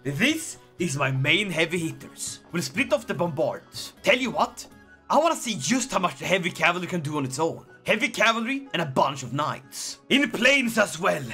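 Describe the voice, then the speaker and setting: A man giving jokey, excitable gameplay commentary, breaking into sudden shouted outbursts. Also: high voice, normal speed, soft background music. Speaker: gaming video creator.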